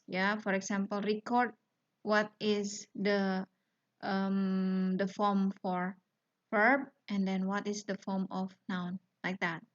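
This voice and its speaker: Slow, careful woman teacher, lo-fi audio. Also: mid-range voice. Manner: slow, careful explaining with many fillers and "yeah?" checks. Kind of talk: recorded online lesson. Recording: dull lo-fi home video audio.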